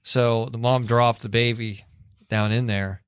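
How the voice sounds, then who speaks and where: A man's voice: medium pitch, fairly even intonation, measured pace, clean tone, no room sound, studio quality. Middle-aged man telling a rambling story. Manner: rambling storyteller acting out quoted people. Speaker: podcast co-host. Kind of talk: casual chat.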